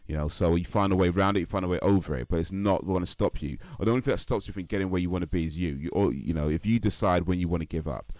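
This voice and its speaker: Man, young, livestream host, dry close sound, quick delivery, earnest and repetitive. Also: low voice, darkish tone, no echo. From Belgium. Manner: earnest, repetitive, restarts and "you know" often. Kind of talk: casual opinion talk on a livestream.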